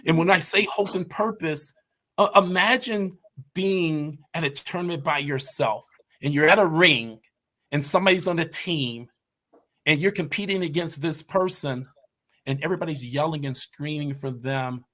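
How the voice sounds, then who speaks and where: Podcast guest, male, slightly high-pitched, passionate and emphatic in conversational storytelling. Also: moderate pace, sharp tone. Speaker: podcast guest, martial arts team leader.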